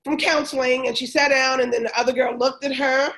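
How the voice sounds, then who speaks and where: High-pitched woman, guest on a podcast, animated storyteller doing little voices. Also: a little fast, low-quality recording. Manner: animated, acts out quoted voices. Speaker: guest, former teacher and coach. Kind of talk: storytelling in a casual interview.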